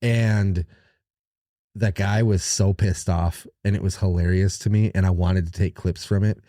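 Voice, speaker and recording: A man's voice: low-pitched, steady tone, measured pace, mellow, no room sound, studio quality. A man co-hosting a casual podcast chat, telling rambling, profane stories with lots of restarts. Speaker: podcast co-host.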